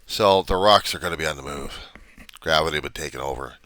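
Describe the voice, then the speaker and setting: A man's voice: rumbling low, brisk, pushed and bright. A man from the United States, rambling and trailing off in a personal video diary, with mild cursing. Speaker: video diarist.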